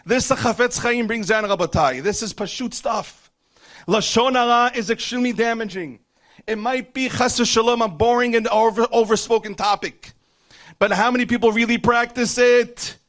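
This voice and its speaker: A man's voice: very high-pitched, steady tone, normal speed, a bit bright. A man teaching a religious class, speaking earnestly and urging his listeners, with many Hebrew terms mixed in. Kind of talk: religious lesson.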